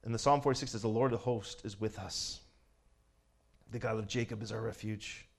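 A man preaching an informal sermon in a conversational way, asking his listeners questions and building to loud, fervent exhortation. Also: fairly low pitch, fairly even intonation, normal speed, gravelly, husky.

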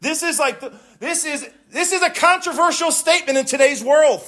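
A man's voice: very high voice, normal speed, a bit bright. A man preaching a sermon, emphatic and impassioned, repeating words for stress and swelling when he quotes scripture. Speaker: pastor.

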